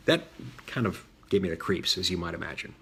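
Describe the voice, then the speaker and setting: A middle-aged man telling a personal story in a measured way, with frequent fillers and restarts. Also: low-pitched, animated, a bit bright, slightly rough. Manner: measured, many fillers and restarts, mimics voices in quotes. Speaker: senator recounting a childhood story. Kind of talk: storytelling monologue.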